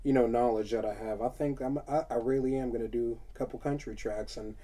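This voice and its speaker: A man hosting a podcast, telling profane, animated stories in casual chat on a studio mic. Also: mid-range voice, a little fast, recorded from a distance. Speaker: podcast host. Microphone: studio microphone with headphones.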